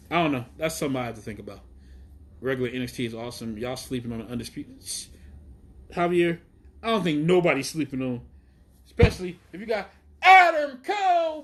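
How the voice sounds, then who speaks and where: A man's voice: medium pitch, breathy edge. Fired-up profane man ranting outdoors. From Chicago. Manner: profane, excitable, rambling. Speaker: wrestling show host. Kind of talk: casual live-stream rant. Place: outdoors in the heat.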